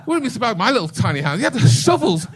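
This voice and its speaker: A man's voice: high-pitched, very animated, fast talker, husky. An older man doing a bawdy stand-up comedy set in a comedy club, telling a story and chatting with the crowd.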